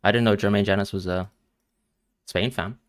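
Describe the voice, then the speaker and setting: A man's voice: lowish voice, steady tone, normal speed, dry recording, studio quality. A man streaming live and reacting emotionally to a football match as he watches, talking to his viewers.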